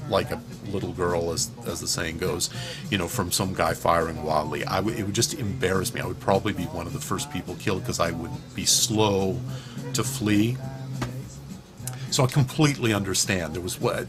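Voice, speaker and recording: A man with a very deep, low voice rambles through a personal vlog from his room at home. He digresses freely, swears, and stumbles through fillers and restarts. Clear music plays behind him throughout. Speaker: vlogger.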